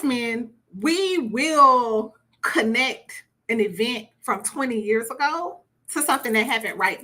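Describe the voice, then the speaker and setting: A woman's voice: on the high side, sharp tone. A woman teaching a conversational relationship workshop, chatty and repeating words for emphasis. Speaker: relationship coach.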